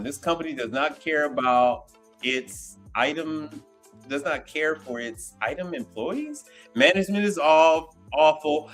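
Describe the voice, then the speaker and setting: A man hosting a casual livestream, animated and slangy, laughing often as he reacts to comments. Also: fairly high pitch. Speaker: livestream host.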